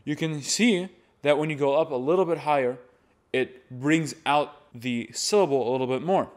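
A man's voice: a little high, normal speed. A young man giving an instructional talk on chanting, stopping now and then to demonstrate. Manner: demonstrates by reading and chanting examples. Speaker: chant teacher.

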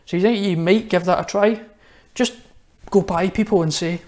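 A man's voice: fairly high pitch, brisk. A Scottish man talks straight to children watching at home. His children's address is chatty and friendly, full of little asides and questions. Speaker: church minister. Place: church, online service.

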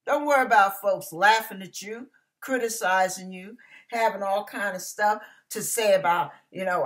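A woman's voice: medium pitch, moderate pace. A middle-aged woman preaching an emphatic, fiery, folksy sermon.

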